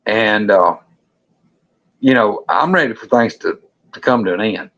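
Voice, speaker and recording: A man's voice: on the low side, animated, measured pace, fairly bright tone, dull audio. A man from the South with a Southern US accent, a show guest recounting an encounter in a folksy, blunt and profane storytelling manner. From Alabama.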